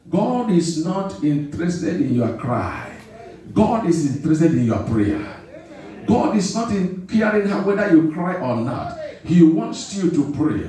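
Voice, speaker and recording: A male pastor preaches with a high, swooping voice, hammering his points home through repetition and calling on the congregation to answer back. He sounds distant from the microphone, and his words ring through a big echoing church hall. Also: animated, measured pace, mellow. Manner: emphatic call-and-response preaching; repeats phrases for emphasis. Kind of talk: sermon. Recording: echoey hall from far off.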